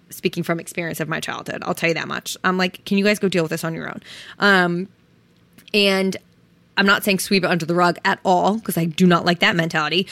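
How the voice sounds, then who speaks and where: Candid young woman podcaster, low voice. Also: vocal fry, a bit bright, no echo. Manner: frank and self-reflective, swears casually. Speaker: podcast host. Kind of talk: solo podcast, candid personal talk.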